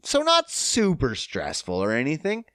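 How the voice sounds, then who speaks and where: Animated, sarcastic male podcast host. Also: a little high, measured pace, no echo, studio quality. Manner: animated, profane, sarcastic ranting. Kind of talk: casual podcast monologue.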